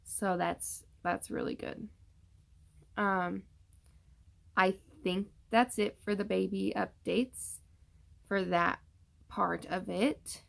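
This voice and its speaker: A woman's voice: medium pitch, fairly even intonation, takes it slowly, vocal fry, pauses often, fairly bright tone. A young woman casually chatting through a pregnancy update vlog, rambling with many fillers and tired from yawning. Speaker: vlogger.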